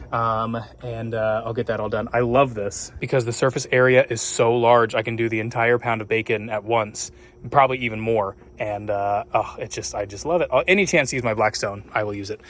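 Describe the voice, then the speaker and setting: A man's voice: mid-range voice, a little hiss or hum. Chatty man in an echoey space. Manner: rambling, chatty, full of fillers; excited whoops while cooking. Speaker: vlogger. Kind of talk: casual vlog chat. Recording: long hall reverb.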